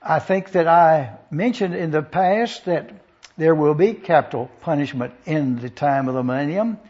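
High-voiced husky male Bible teacher. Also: moderate pace, darkish tone, highs cut off. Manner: methodical, repeats points for review; dry sarcasm. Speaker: preacher.

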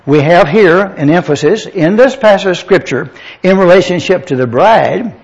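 Heard through a dull, lo-fi recording, a man with a high, slightly rough voice speaks at normal speed. He preaches a teaching sermon, addressing the congregation directly and spelling words out letter by letter.

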